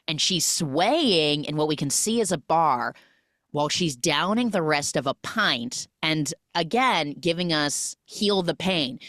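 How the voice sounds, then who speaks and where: A woman with a low voice hosts a podcast and recaps a movie scene by scene. She talks casually and acts out the characters' lines as she goes. The sound is dry and close, with no room around it. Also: unhurried, no room sound. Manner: animated storytelling, acts out quoted lines. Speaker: podcast host.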